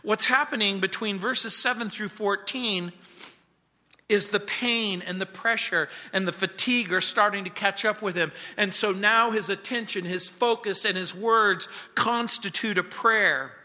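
A pastor teaching verse by verse through a Bible book, earnest, sometimes dropping his voice to a hush. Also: sits high, measured pace. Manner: earnest, drops to a hushed voice at times. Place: church sanctuary. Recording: church hall reverb.

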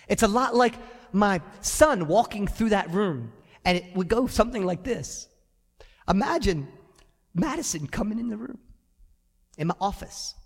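A male pastor preaching a sermon in a church sanctuary, animated and conversational with touches of humor. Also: very high voice, in a large hall.

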